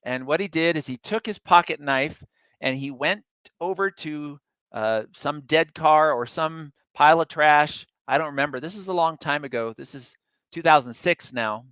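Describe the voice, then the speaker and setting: A man's voice: fairly high pitch, moderate pace, a bit bright, clear, resonant tone, no echo, muffled recording. A man giving a public talk, telling a chatty, self-deprecating story from his travels. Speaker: guest speaker.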